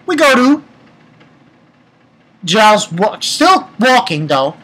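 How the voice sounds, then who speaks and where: A man's voice: high-pitched, big pitch swings, slow, sharp tone, rough recording. A man giving a casual, rambling chapter review, retelling scenes and swearing offhandedly. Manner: reads character lines aloud in summary. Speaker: manga reviewer.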